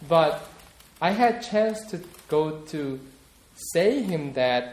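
A man's voice: fairly high pitch, expressive, slow pace, darkish tone, roomy sound. A man preaching a sermon, talking in a reflective, personal way and often repeating words as he searches for them. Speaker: pastor.

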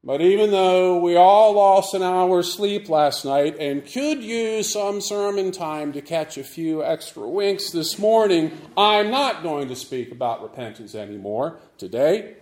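A man preaching a Sunday sermon as the church's pastor, measured and deliberate with touches of dry humor. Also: sits high, a little mellow, echoey room.

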